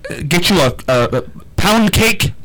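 A male radio host teases his co-host on air, dry and sarcastic. His voice is bright and slightly high for a man. His pitch moves a lot as he jokes. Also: big pitch swings, unhurried, poor audio. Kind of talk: teasing on-air banter.

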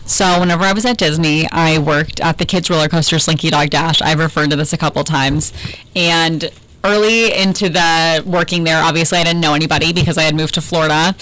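A woman's voice: low voice, steady tone, brisk, a bit bright, rough recording. A woman co-hosting a radio show, laughing and playfully protesting as she tells a story. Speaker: radio co-host. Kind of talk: on-air banter and storytelling.

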